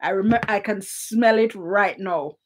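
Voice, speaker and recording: A woman's voice: mid-range voice, normal speed. A Jamaican woman in her fifties, co-hosting a casual live-chat quiz, chatty and laughing often as she reads out viewers' answers. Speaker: quiz co-host.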